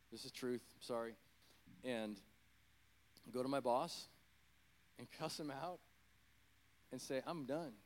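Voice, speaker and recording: A middle-aged man, a former pastor, preaching a conversational sermon and telling a personal story, rambling with self-deprecating, apologetic asides. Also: medium pitch.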